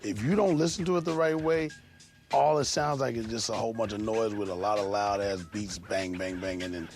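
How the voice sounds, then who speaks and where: A middle-aged hip hop DJ explains with emphatic, streetwise energy. His voice has a gravelly grain, with faint music underneath. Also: lowish voice, fairly quick. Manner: emphatic and streetwise, acts out sounds. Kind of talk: animated interview explanation.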